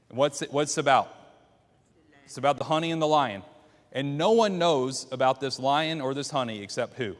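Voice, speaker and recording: A man's voice: medium pitch, moderate pace. A man teaching a church Bible class, retelling a story and putting questions to the class. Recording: long hall reverb.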